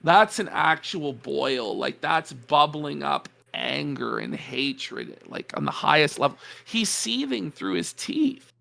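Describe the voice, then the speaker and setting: A woman's voice: deep voice, animated, takes it slowly, vocal fry, hardly any pauses, a bit bright. A woman co-hosting a livestream, talking in a mocking, scornful and emphatic way. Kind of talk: heated commentary on a livestream.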